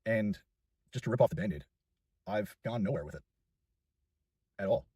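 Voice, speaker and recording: A man's voice: lowish voice, expressive, moderate pace, dark tone, slightly rough, no echo, recorded from a distance. A nineteen-year-old man chatting casually to camera in a rambling, self-deprecating way. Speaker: YouTuber. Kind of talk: casual vlog chat.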